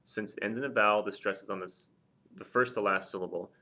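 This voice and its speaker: A young man teaching at a board in a casual, explanatory way, often pausing with ums and repeating example words slowly. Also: on the low side, steady tone, pushed and bright. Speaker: Spanish teacher. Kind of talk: classroom-style explanation at a board.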